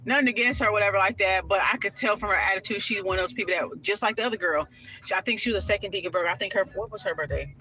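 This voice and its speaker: A woman telling a personal story in a casual vlog, sassy and animated, swearing freely and full of asides. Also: mid-range voice, very fast, poor audio.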